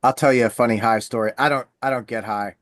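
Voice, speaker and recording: Animated male podcast host telling a story over a dry, close mic, with a mid-range voice. He swears freely, acts out the people he quotes, and keeps the talk casual and loose. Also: medium pitch, quick pace, no echo.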